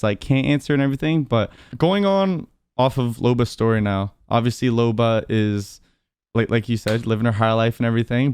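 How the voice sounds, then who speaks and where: Chatty male interviewer with a smooth voice. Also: mid-range voice, a little mellow, dry recording. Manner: chatty, laughs often, many fillers. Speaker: interviewer and streamer host. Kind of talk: casual interview over a video call. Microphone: video call.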